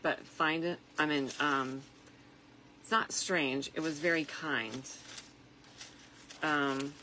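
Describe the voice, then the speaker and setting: A tired middle-aged woman talks through a wreath craft in an unhurried, reflective way, dotted with fillers. Her voice sits low but has a bright, clear edge. A faint hiss runs underneath. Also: poor audio. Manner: soft-spoken and reflective, with frequent fillers. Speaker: craft vlogger. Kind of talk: casual crafting chat.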